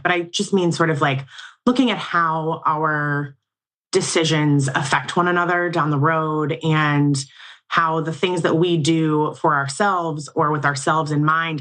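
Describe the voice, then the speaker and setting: A woman's voice: low voice, steady tone, normal speed, fairly bright tone. A woman in her forties, a guest in a casual interview, talking in an earnest, reflective and slightly emotional way. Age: 40s.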